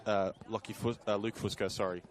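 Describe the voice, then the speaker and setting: Lower-voiced man giving relaxed football analysis. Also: fairly quick, a crowd in the background. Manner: conversational, analytical, with fillers and self-corrections. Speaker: colour commentator.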